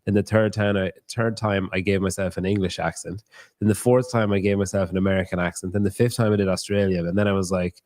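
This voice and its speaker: Low-voiced joking male podcast host. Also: fast, dry recording, studio quality. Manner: joking, swears freely, rambling storyteller. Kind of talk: casual podcast chat.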